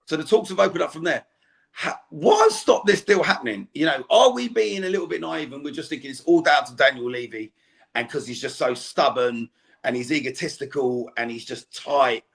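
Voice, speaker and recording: Gravelly-voiced man ranting angrily. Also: on the high side, lively intonation, brisk. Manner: angry, swearing rant. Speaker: fan guest on a football podcast. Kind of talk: heated podcast chat. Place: home.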